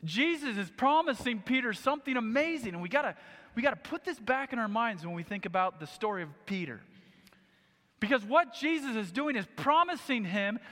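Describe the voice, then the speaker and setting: A man's voice: extremely high pitch, expressive, a little fast, a bit bright. A man preaching a sermon, telling a story with animation and acting out the quotes. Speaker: pastor. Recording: long hall reverb.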